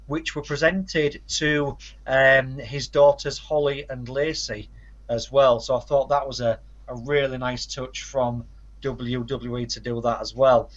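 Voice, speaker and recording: A man's voice: mid-range voice, flat delivery, measured pace, dull audio. A man co-hosting a casual podcast, rattling off facts and titles with dry asides. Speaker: podcast co-host.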